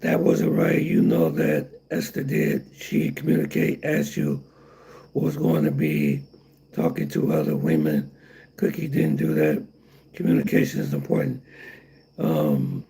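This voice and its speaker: Gravelly rambling man on a livestream. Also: medium pitch, huge pitch swings, a little slow, mellow. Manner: rambling, repeats himself, answers chat comments. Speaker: livestream host. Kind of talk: casual livestream chat.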